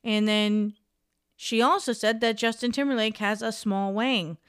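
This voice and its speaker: Chatty opinionated young woman, smooth voice. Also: a little high, steady tone, unhurried, fairly bright tone, no room sound, studio quality. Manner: chatty, opinionated, ranting gossip. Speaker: podcast host. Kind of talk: casual solo podcast chat.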